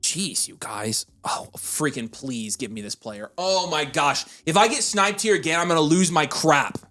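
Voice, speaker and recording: A man co-hosting a casual fantasy football livestream, reading chat aloud in an animated, excitable way. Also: fairly high pitch, soft background music. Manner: animated and excitable, quick to vent frustration.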